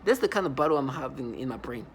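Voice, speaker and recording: A man talking to camera in a rambling, halting monologue, repeating words and stressing points earnestly. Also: mid-range voice, big pitch swings, a little hiss or hum. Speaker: vlogger.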